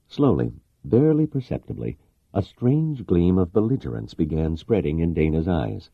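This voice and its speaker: Man narrating a novel, extremely deep voice, lively intonation, dry close sound. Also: normal speed, husky, no room sound, lo-fi sound. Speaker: audiobook narrator. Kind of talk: scripted narration.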